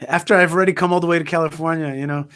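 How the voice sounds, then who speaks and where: A man's voice: a little high, steady tone, fast, fairly bright tone. A man speaking as a guest in conversational storytelling, emphatic and full of restarts and repeated words. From Israel.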